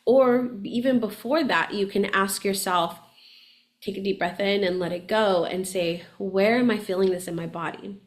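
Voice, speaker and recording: A chatty woman coaching her listeners in a relaxed podcast talk. She is animated, laughs easily, and keeps checking in with "right?" at a middle pitch. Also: normal speed. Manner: laughs often while talking. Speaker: podcast host and spiritual coach.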